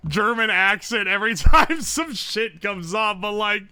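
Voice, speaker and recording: A man's voice: sits high, animated, measured pace, pushed and bright, clear, resonant tone, no room sound. A young man streaming live, swearing, joking and thinking aloud as he guesses. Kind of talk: casual livestream commentary.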